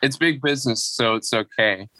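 A man's voice: mid-range voice, moderate pace, sharp tone, no echo. A man chatting casually on a podcast, dropping dry joking asides. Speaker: podcast co-host or guest.

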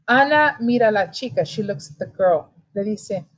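A woman's voice: mid-range voice, expressive, moderate pace, rough recording. A woman teacher reading a story aloud line by line and patiently explaining each line. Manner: patient, switching between reading and casual explaining. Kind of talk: reading a Spanish reader aloud with English explanations.

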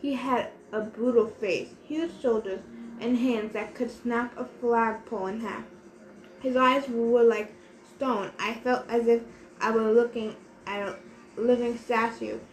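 A woman reading a novel aloud in steady first-person narration. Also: a little high, measured pace. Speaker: reader. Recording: echoey room, faint hiss.

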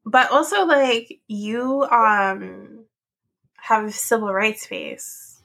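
A woman co-hosts a casual podcast, bringing up gossip with wry, teasing remarks. Her voice is a little high and very bright, with a crisp edge when she talks. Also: drawn-out words. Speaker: podcast co-host. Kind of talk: casual chat.

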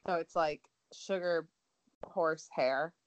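A woman's voice: low-pitched, takes it slowly, dry recording, muffled recording. A woman co-hosting a casual gossip chat, giving short blunt reactions and sarcastic jabs.

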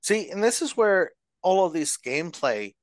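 A man's voice: sits high, sing-song, moderate pace, no room sound. A man on a podcast roundtable explaining his idea in a rambling, explanatory way. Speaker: roundtable guest. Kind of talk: podcast discussion.

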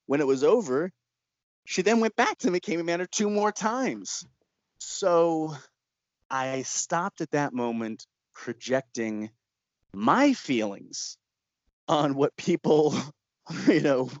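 In a dry, muffled, lo-fi recording with a close sound, a documentary filmmaker recounts a shoot during an interview. His voice is medium-pitched and his pace moderate, and he tells the anecdote with lively energy, laughing often and slipping into other people's voices to act out their quotes.

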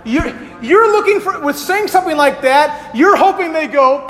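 A man's voice: extremely high pitch, very animated, normal speed, hardly any pauses, a bit bright. A male pastor preaching a sermon, quizzing the congregation with yes-or-no questions and acting out the lines he quotes. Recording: long hall reverb, faint hiss.

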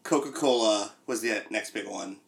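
A man's voice: on the low side, normal speed, gravelly. Chatty man sharing movie trivia. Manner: chatty, explains film trivia, swears. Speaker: podcast co-host. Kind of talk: casual chat.

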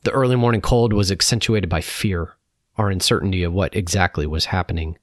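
A man reading a personal reflection aloud in a calm, measured way. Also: low-pitched, no room sound, studio quality. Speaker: narrator.

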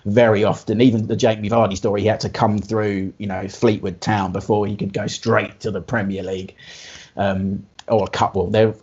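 A man chatting casually on a podcast in a relaxed, rambling way, laughing easily. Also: fairly low pitch, normal speed, husky. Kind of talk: casual chat. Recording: slightly dull lo-fi recording.

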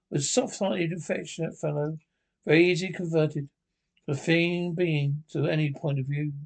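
A man reads a classic children's story aloud in an unhurried, halting way. His voice is somewhat high, with a gravelly edge. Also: a little mellow. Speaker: reader. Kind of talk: reading a children's book aloud.

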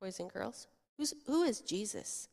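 A woman pastor tells a story to children, asking them questions and acting out voices. Her pitch sits in the middle for a woman. Her voice carries the long reverb of a church hall. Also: animated, a little slow, creaky, darkish tone. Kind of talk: children's sermon. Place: church sanctuary.

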